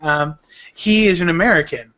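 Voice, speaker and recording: A man's voice: on the high side, normal speed, bright, forceful tone. A man co-hosting a podcast in casual banter, laughing often and making crude jokes. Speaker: podcast co-host. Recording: dull lo-fi podcast audio.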